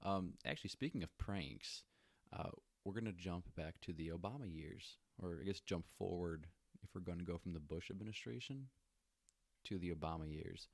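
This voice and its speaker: Deep-voiced laid-back podcast guy. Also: moderate pace, gravelly, dry recording. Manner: relaxed, jokey, many fillers. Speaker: podcast co-host. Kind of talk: casual chat storytelling.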